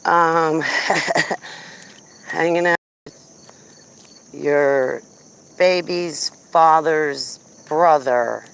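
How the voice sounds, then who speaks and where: A woman's voice: low voice, extremely slow, gravelly, pauses often, smooth. A woman vlogging outdoors while walking her dog, rambling through a story in a blunt, chatty way on a handheld phone. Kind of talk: casual rambling chat.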